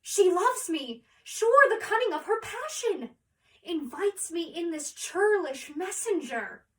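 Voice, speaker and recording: A young woman performing Viola, a lovesick young woman disguised as a man, delivering a Shakespeare monologue in measured, musing verse. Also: extremely high pitch, sing-song, far from the mic, voice pushed up, exaggerated voice. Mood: troubled, musing.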